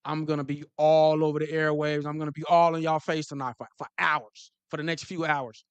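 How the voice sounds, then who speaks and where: Animated man riffing on football. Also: on the high side, fairly quick, clear, resonant tone, no room sound. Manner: animated, repetitive restarts and slang. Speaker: football talk show host. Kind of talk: casual sports commentary to live viewers.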